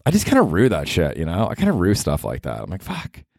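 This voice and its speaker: A man's voice: low voice, wildly swooping pitch, quick pace, gravelly, a little mellow, no room sound, studio quality. A young man hosting a casual solo podcast from his small apartment, rambling and cursing and laughing at himself often. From United States. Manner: rambling, profane, self-deprecating, laughs often. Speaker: podcast host.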